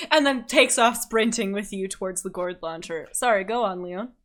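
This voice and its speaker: A woman narrating as game master of a tabletop role-playing game, setting scenes briskly. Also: mid-range voice, fairly bright tone.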